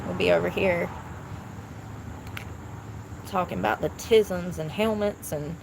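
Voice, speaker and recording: A woman's voice: lowish voice, slow pace, gravelly, background noise. A woman chatting casually on a live stream outdoors, blunt and thinking aloud as she talks. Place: outdoors near traffic.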